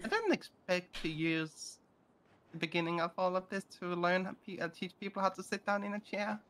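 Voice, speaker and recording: A woman's voice: fairly low pitch, animated, moderate pace, fairly bright tone. A woman in a role-play acting as a police academy instructor, giving the group orders in a teacherly way. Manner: bossy, teacherly, addresses the group.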